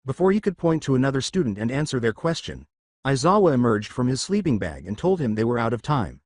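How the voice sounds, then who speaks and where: Man narrating a story, lively pitch. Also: fast talker, dry recording, studio quality. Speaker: fanfiction narrator.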